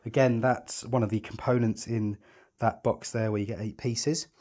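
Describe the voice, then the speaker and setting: Guy walking you thru a telescope setup, kinda husky, mellow tone, reassuring. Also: on the low side, steady tone, normal speed. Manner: chatty, reassuring, thinks aloud while working. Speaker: telescope tutorial presenter. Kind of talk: hands-on setup tutorial.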